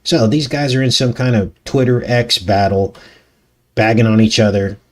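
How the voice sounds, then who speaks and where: Reading news stories on his casual live show, a male channel host adds doubtful, chatty commentary, laughs a lot, and throws in rhetorical asides. He speaks at medium pitch with a steady tone and moderate pace.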